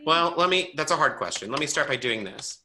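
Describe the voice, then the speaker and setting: A man teaching a braille class online, explaining step by step in a playful, animated way and quizzing his students. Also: a little high, fairly quick, background noise.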